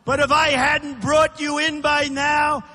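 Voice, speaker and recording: A man's voice: extremely high pitch, flat delivery, slow pace, sharp tone, slight background noise, heavily acted. A man voicing a tender-hearted woman in a recited poem, crying out her lines fervently in a big echoing arena. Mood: exclaiming. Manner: exclaiming, fervent.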